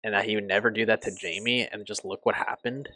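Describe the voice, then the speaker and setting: A young man reviewing a TV show on his channel, emotional and halting, swearing often and restarting his sentences. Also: lowish voice, steady tone, pushed and bright, no echo. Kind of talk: casual review.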